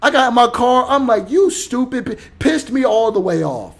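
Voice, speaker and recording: A man telling a story in an animated rant, acting out what people said and swinging between loud outbursts and mumbling asides. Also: very high-pitched, moderate pace, vocal fry. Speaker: motivational podcaster.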